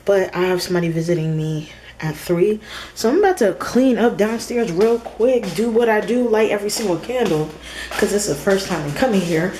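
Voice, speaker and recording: A woman's voice: mid-range voice, expressive, normal speed, darkish tone, slight background noise, low-quality recording. A woman vlogging in a casual, chatty way, talking straight to her viewers. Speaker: lifestyle vlogger. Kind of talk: casual vlog chat to camera.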